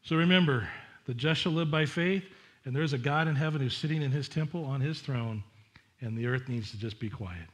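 A middle-aged man, a pastor preaching a sermon in a chatty, animated way with asides to the congregation. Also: medium pitch, fairly quick.

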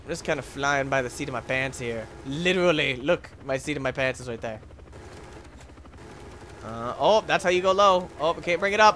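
A man hosting a let's play, commentating his own game with excitable jokes and yelps. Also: mid-range voice, normal speed, slight background noise. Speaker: gaming channel host.

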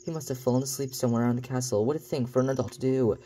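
A man's voice: mid-range voice, fairly even intonation, racing, warm tone, a little hiss or hum, lightly acted. A man voicing a cheerful young ranch girl while he reads her game dialogue aloud. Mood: friendly.

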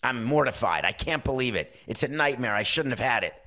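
A man's voice: medium pitch, expressive, a little fast, bright, forceful tone. A man voicing a flustered young male ballplayer who stammers out mortified excuses in a raised voice.

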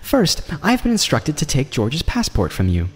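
A man voicing a brisk young woman lawyer. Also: fairly high pitch, huge pitch swings, long reverb tail, faint music behind, voice pushed up, exaggerated voice. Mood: brisk formal. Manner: crisp, formal, brisk.

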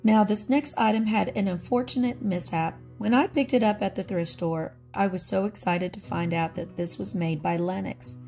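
A woman's voice: mid-range voice, moderate pace, hardly any pauses, dark tone, soft background music. A middle-aged woman vlogger chatting about her thrift finds in a nostalgic, friendly way, laughing often. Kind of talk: casual show-and-tell narration.

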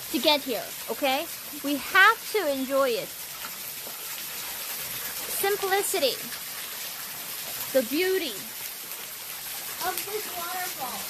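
A woman's voice: high voice, background noise. A woman streamer chatting casually about a trip to a waterfall. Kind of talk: travel vlog chat.

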